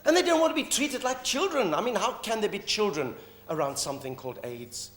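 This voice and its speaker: On a live theatre stage, a middle-aged South African man delivers a provocative, mocking comedy monologue. His high-pitched voice is animated, brisk and a bit bright, and the recording sounds roomy with a faint hum.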